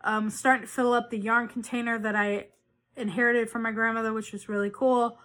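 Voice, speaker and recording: A woman with a somewhat high voice hosts a homemade knitting podcast. She chats casually, rambling from one thought to the next. She often breaks off and restarts her sentences. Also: little pitch movement, a little fast, a bit bright. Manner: rambling, chatty, with frequent restarts and self-corrections. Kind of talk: casual chat.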